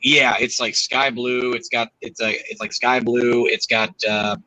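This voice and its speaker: A man with a bright, forceful tone at a medium pitch, talking casually. He stammers and restarts often but stays good-humored. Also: little pitch movement, unhurried, rough recording. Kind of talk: casual chat.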